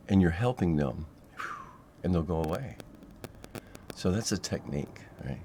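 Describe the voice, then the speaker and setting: A man teaching a spiritual technique in a loose, rambling monologue, swearing freely and filling pauses with ums and yeahs. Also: sits low, darkish tone, a little hiss or hum. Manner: loose and profane, rambling with many fillers. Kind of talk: casual monologue to camera.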